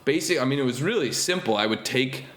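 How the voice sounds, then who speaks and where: A young man, a comedian, telling stories in casual podcast chat and acting out the voices of the people he met. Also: fast. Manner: animated storyteller, acts out quoted voices in a higher pitch. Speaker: comedian guest. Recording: roomy echo.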